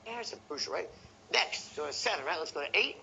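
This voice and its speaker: A man teaching a sales seminar in an animated way, showing different tones with his voice and checking in with the audience. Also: fairly high pitch, brisk, vocal fry, background noise. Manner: talks to the audience directly, asks okay and right. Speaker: sales trainer.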